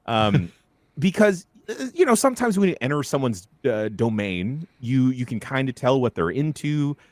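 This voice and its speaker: A male podcast host tells a story with a lively, swinging pitch and frequent laughter. He's recorded close and dry on a studio mic. He talks casually and with lots of animation. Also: normal speed, no room sound. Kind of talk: casual chat.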